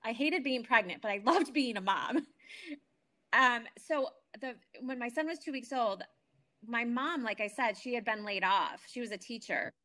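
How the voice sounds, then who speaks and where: A woman in her forties tells a story from her own life as a guest, speaking from home over a remote call. Her voice is a little high for a woman. She is animated and keeps restarting her sentences. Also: moderate pace. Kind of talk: emotional personal testimony.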